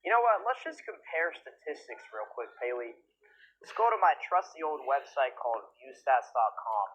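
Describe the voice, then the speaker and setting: A man giving casual online commentary in a musing way, pausing often on drawn-out fillers. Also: medium pitch, sing-song, fairly bright tone, breathy edge. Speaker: YouTube commentator. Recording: dull lo-fi clip played back.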